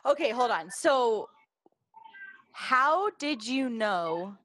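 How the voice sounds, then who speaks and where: A woman's voice: fairly high pitch, animated, drawn-out words, a bit bright, a little hiss or hum. A woman podcast host, casually interjecting with curious questions.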